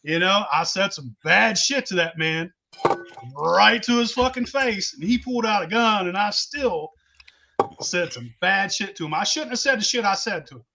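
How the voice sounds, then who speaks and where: A man's voice: high-pitched, animated, normal speed, vocal fry, noisy background. A man telling a rowdy, profane drinking story in casual chat. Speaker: show host telling a story.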